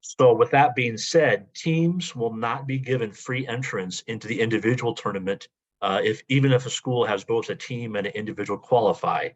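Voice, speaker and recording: A man's voice: medium pitch, normal speed, poor audio. A man briefing coaches in a webinar, methodical and full of "uh" and "um" fillers. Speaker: athletic association administrator. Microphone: video call.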